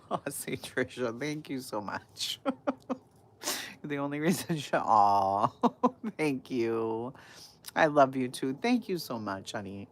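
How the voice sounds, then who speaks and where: Animated, swearing woman telling stories. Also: very deep voice. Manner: animated, profane, laughs often, swings from loud to hushed. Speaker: livestream host. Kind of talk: casual storytelling to a live chat.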